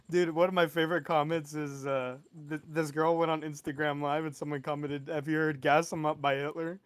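A man's voice: a little high, level tone, normal speed, clear, resonant tone, no room sound. A man co-hosting a podcast in crude, casual banter, laughing a lot and quipping. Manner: laughs a lot, quips and feeds bits. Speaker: podcast co-host.

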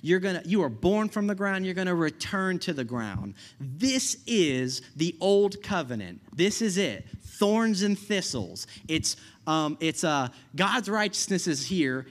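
Casual higher-voiced young male preacher. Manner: casual, conversational preaching with frequent "right?" and laughs. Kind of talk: sermon.

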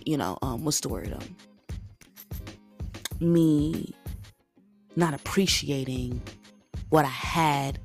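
A young woman with a gravelly, fry-laden voice tells a story to her podcast listeners in a loose, casual way. She is animated and keeps calling them guys and y'all, while soft music plays faintly behind her. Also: on the low side. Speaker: podcast host.

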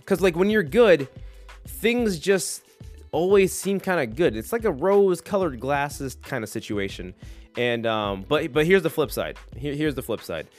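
A man around thirty hosting a solo podcast, rambling in a jokey, animated way. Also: fairly high pitch, measured pace, soft background music. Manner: rambling, animated, jokey, slips into silly voices. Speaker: podcast host.

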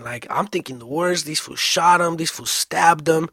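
Young man, casual storytelling, slangy and profane, slightly high voice, husky. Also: no room sound, studio quality. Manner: slangy, profane, fast and animated.

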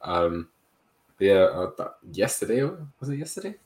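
A young man, telling a story in a casual podcast chat among friends, full of slang and lively retelling. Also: on the low side, normal speed. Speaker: podcast co-host.

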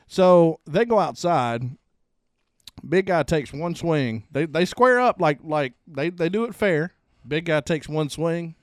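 A man's voice: on the high side, animated, slow, dry recording, clean studio sound. A man, hosting a podcast and telling profane, laughing stories in casual chat. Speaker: podcast host.

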